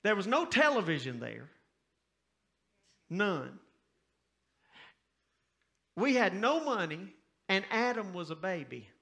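A man's voice: high voice, very animated, takes it slowly, gravelly, long pauses, a bit bright. A middle-aged man, a pastor preaching a folksy, emphatic sermon story with joking asides to the congregation.

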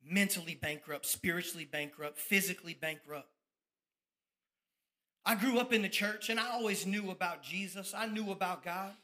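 A man, giving a fired-up testimony sermon about his ministry, at times dropping to soft reflective tones. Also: high-pitched, moderate pace. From Tampa, Florida. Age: 30s.

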